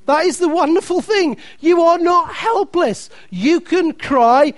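A man's voice: extremely high pitch, unhurried, hardly any pauses, dry recording. A man preaching a sermon, emphatic and repeating key phrases, reading scripture aloud with playful asides to the congregation.

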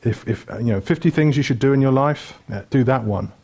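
A man's voice: mid-range voice, brisk, vocal fry, dark tone, husky. A middle-aged man from Wales, preaching a chatty sermon, joking and listing things with lots of ums. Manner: chatty and joking, lists things with many fillers.

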